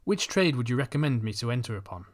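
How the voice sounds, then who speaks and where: A man voicing a thin, money-minded schoolboy who talks calmly and deliberately. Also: mid-range voice, lightly acted. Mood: calculating. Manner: calm, calculating, deliberate.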